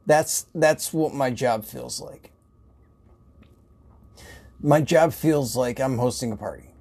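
A man's voice: mid-range voice, slow pace, creaky, darkish tone, husky. A man who works in a grocery store, telling casual stories in a rambling way, swearing and laughing often. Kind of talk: casual storytelling.

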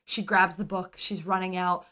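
Woman co-host, bright forceful voice, animated casual storyteller. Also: fairly low pitch, normal speed. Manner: animated retelling, acts out characters, gets emotional. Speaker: podcast co-host. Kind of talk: casual book discussion.

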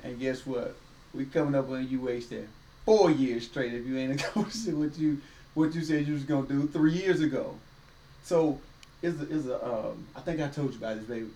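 A man's voice: mid-range voice, moderate pace, warm tone. A man co-hosting a casual faith-based podcast, talking in a folksy, preachy way with quoted voices. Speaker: podcast co-host. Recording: roomy echo, distant mic, faint ambience.

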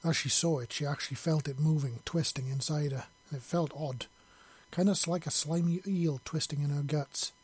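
Guy reading a story out loud, husky voice, a bit high. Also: steady tone, normal speed. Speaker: narrator.

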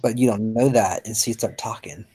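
A man's voice: on the low side, steady tone, fairly quick, warm tone, husky, rough recording. A man who teaches, talking casually as a podcast guest in a chatty, easygoing, modest way.

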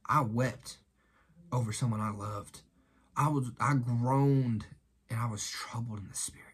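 A man voicing a gentle, consoling Jesus who speaks softly and repeats his comforting reassurances. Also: medium pitch, unhurried, slightly rough. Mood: tender, hushed.

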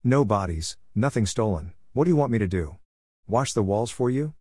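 A man's voice: on the low side, expressive, normal speed, darkish tone, husky, dry recording, studio quality. A man reading a story and voicing an offhand, dismissive police officer. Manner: curt, offhand.

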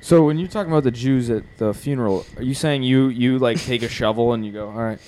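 A man's voice: mid-range voice, fast talker, a little mellow. A man co-hosting a podcast, teasing the others in dry, casual banter.

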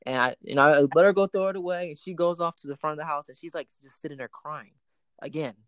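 A man's voice: fairly high pitch, quick pace, clean tone, no echo. A man hosting a casual chat, telling a personal story with plenty of quoted dialogue.

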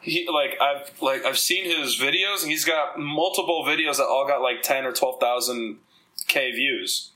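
Podcast host from the Dominican Republic, male, mid pitch, bright voice; rambling, profane, animated storytelling. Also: moderate pace, rough recording. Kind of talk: casual chat.

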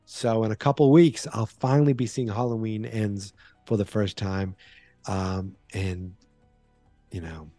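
A man's voice: on the low side, warm tone, no room sound. A man with a Boston accent hosting a solo podcast in a rambling, playful, self-deprecating way. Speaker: podcast host. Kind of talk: casual solo podcast chat.

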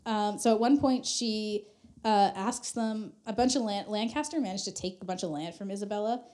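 Mellow-voiced woman telling history casually. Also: mid-range voice, moderate pace. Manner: chatty, laughing, heavy use of "like", swearing. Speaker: podcast host. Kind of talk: casual history podcast storytelling.

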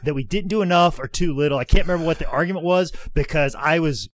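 A fired-up man with a slightly raised voice tells a long story in casual chat. He swears a lot, speeds up and slows down, and jumps in pitch as he gets worked up. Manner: animated, profane, fired-up storyteller. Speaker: podcast co-host telling wrestling stories.

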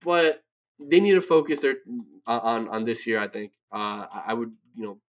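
A man's voice: mid-range voice, expressive, normal speed. A man co-hosting a sports podcast in casual chat, ranting brashly with lots of swearing and frequent "right?" asides. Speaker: podcast co-host. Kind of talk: profane casual sports talk.

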